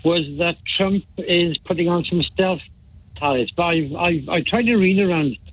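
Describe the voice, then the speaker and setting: Halting caller on a tinny phone. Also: male voice, high voice, no room sound. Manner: halting, many restarts. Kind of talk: phone-in chat.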